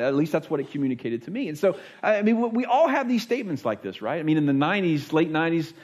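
A fast-talking pastor with a fairly high, slightly mellow voice preaches with very animated energy and few pauses. His conversational sermon is earnest and plain-spoken; he repeats words while restarting thoughts and acts out quoted speech in different voices.

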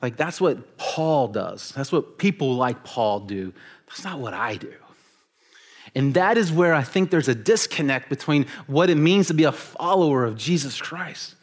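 A man preaching a casual, animated sermon to teenagers, joking with them and acting out the stories he tells. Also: mid-range voice, measured pace. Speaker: youth pastor.

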